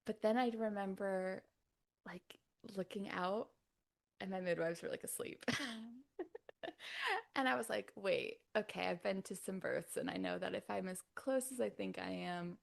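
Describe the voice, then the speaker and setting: A woman's voice: medium pitch, unhurried, vocal fry. A woman from California, a podcast guest telling her birth story in a casual, chatty way, often dropping to a near-whisper and laughing between lines full of "like". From California, USA. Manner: soft-spoken, often drops to a near-whisper; chatty, frequent "like" fillers and laughs.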